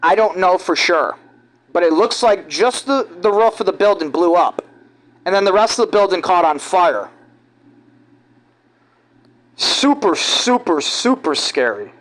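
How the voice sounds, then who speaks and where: A man from giving rambling, halting, conspiratorial commentary over video clips. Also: high-pitched, very animated, a bit bright, low-quality recording. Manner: halting, restarts often, conspiratorial. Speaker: vlogger.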